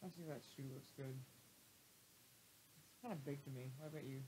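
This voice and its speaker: A woman chatting casually while drawing on a livestream, jokey and quick to act out quotes. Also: a bass voice, slight background noise, low-quality recording. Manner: animated, jokey, acts out quotes in funny voices. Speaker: livestream artist drawing on stream. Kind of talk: casual chat.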